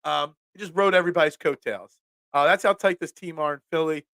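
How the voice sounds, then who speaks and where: A man's voice: fairly high pitch, a little fast, fairly bright tone, no echo. A man hosting a casual live-stream sports show from a home room full of memorabilia, upbeat and rambling as he reacts to viewer comments.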